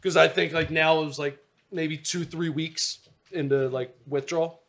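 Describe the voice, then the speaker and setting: Young philly dude telling a long swear-filled story, casual podcast chat. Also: male voice, a little high, fairly even intonation, normal speed, fairly bright tone. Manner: profane, rambling storyteller.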